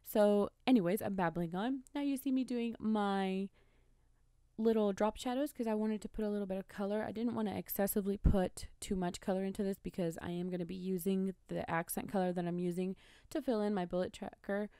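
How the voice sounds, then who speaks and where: A woman's voice: mid-range voice, fairly even intonation, brisk, dark tone, clear, resonant tone, no echo, clean studio sound. A woman chatting casually over her own journaling footage, rambling and correcting herself with small laughs. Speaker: bullet journal vlogger.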